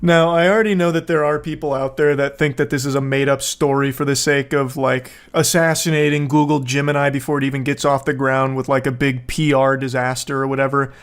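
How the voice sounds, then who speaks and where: A man's voice: medium pitch, level tone, brisk, few pauses, clear, resonant tone. A young man giving casual commentary as a video host, sarcastic and profane with jokey asides.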